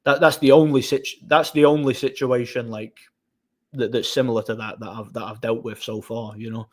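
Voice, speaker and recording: Hosting a casual live stream, a man tells drawn-out, rambling stories in a level, medium-pitched voice at a brisk clip. His delivery is full of restarts and little laughs.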